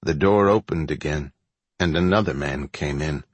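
A man narrates an audiobook in a measured, storytelling way. His voice is very deep and husky, recorded close and dry. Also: no room sound. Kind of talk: scripted narration.

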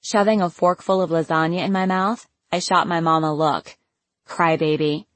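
A woman's voice: on the low side, fairly even intonation, moderate pace, no room sound. A young woman narrating a novel in the first person, wry and casual, swearing now and then. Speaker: audiobook narrator.

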